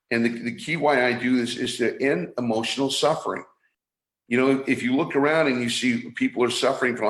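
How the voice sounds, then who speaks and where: A man mentoring listeners on energy awareness, speaking in a teaching manner and acting out anxious inner thoughts in a higher voice. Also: a bit bright. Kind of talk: motivational teaching talk. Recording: roomy echo.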